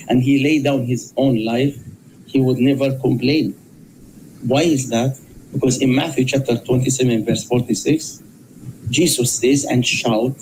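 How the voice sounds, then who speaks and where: A man arguing in a live debate, deliberate and pressing, repeating rhetorical questions to make his point. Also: medium pitch, a little mellow, a little hiss or hum, rough recording.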